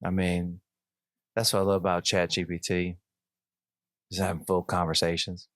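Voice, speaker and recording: A low-voiced man hosting a podcast and talking like a coach, working through fillers and false starts before his advice lands. The sound is dry and close, with no room around it. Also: level tone, a bit bright, dry recording. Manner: halting, many fillers and restarts before advising. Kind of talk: casual conversation, giving advice.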